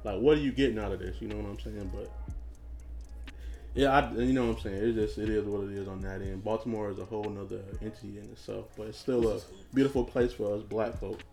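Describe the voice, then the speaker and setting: A man's voice: fairly low pitch, fairly even intonation, gravelly, a little mellow, soft background music. A man hosting a casual podcast chat with friends. He jokes around a lot and keeps saying sorry. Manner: joking, quick to say sorry. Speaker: podcast host.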